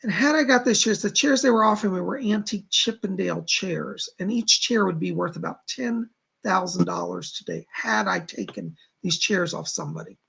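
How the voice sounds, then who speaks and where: Man, middle-aged, psychic live-stream host, casual rambling chat, heavy vocal fry, raspy tone. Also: high voice, normal speed, pushed and bright. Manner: rambling, chatty, reads out viewer comments.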